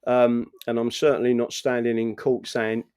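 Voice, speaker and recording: A man's voice: medium pitch, level tone, normal speed, darkish tone, clear, resonant tone, no room sound, studio quality. A middle-aged man hosting a casual livestream, rambling and swearing as he chats to viewers and reads their comments. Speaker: livestream host reading chat.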